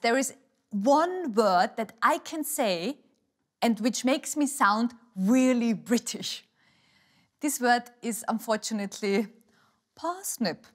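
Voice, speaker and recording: Austrian woman, German accent, native German speaker; stand-up comic, dry and self-deprecating, slow timing on punchlines, voice on the higher side. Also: expressive. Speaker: stand-up comedian. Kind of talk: stand-up comedy routine.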